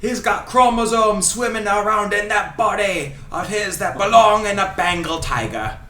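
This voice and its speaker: A man's voice: high-pitched, normal speed, pushed and bright, voice pushed up. A man doing a fake Scottish accent as a flowery, over-the-top soccer commentator, with theatrical delivery. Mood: gushing. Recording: echoey room, mic at a distance.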